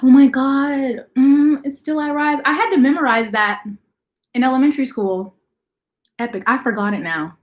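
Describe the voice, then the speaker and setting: A woman hosting a casual livestream, talking fast and chatting with viewers as she greets them. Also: sits high, lo-fi sound. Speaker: livestream host.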